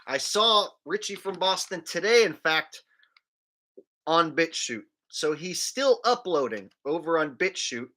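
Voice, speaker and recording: A man's voice: a little high, animated, a little slow, bright, forceful tone. A man hosting a casual livestream, rambling loosely and dropping "man" and "like" as he talks. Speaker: livestream host.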